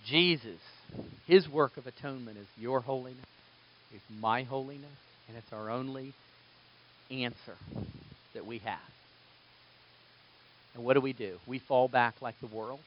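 A man preaching a sermon, moving between quiet, low passages and loud, emphatic bursts. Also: a little slow, pauses often, muffled recording, a little hiss or hum. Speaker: pastor.

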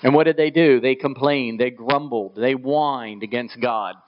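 A man's voice: a little slow, dull audio. A man preaching a sermon, reading scripture aloud and pushing his voice up for emphasis. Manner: emphatic, rising to high pitch on quoted scripture. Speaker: pastor.

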